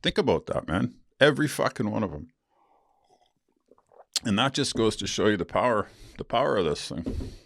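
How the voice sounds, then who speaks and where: Very animated yet marked by long pauses, this middle-aged podcast host talks at a moderate pace in a lowish, fairly bright voice, with a little hiss or hum. He rambles through a story with lots of fillers, restarts and blunt swearing.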